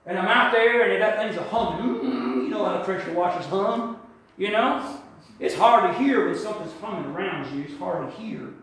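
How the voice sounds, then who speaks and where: An older man preaching a testimony sermon in a church, building from quiet storytelling to shouted praise. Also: high-pitched, normal speed. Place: church sanctuary. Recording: very echoey church hall.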